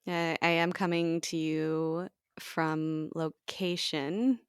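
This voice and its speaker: Low-voiced American woman, dry close sound. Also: level tone, takes it slowly, clean tone, no room sound. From United States. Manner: playful, laid-back banter. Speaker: podcast co-host. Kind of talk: casual chat.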